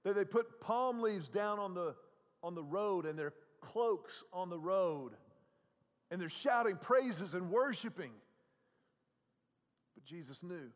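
High-voiced pastor preaching in a reverberant hall. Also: male voice, lively intonation, takes it slowly, pauses often. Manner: conversational, repeats words, swings from soft to loud. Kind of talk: sermon.

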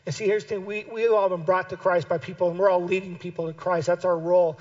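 A man with a notably high voice preaches a sermon. He drives home his points by repeating phrases and swells into shouted calls to his listeners. The recording sounds dull and lo-fi. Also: little pitch movement, fast. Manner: impassioned, builds to shouted exhortation; repeats key phrases for emphasis. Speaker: pastor.

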